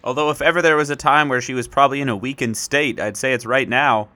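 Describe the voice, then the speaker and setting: A player in a tabletop game, joking and expressive. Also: medium pitch, quick pace, dry recording. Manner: jokey, expressive. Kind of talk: casual chat in a tabletop game.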